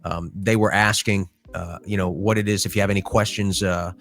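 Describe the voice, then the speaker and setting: A man's voice: low-pitched, fairly even intonation, a little fast, creaky, fairly bright tone. A middle-aged man co-hosting a podcast, telling stories in a casual, rambling way with lots of fillers. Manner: rambling storyteller with many fillers. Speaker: podcast co-host.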